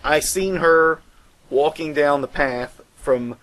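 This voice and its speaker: A man's voice: a little high, slow pace, fairly bright tone, rough recording. A man guest-hosting a podcast, telling a personal story in an earnest, reflective way and raising his voice to act out quoted lines.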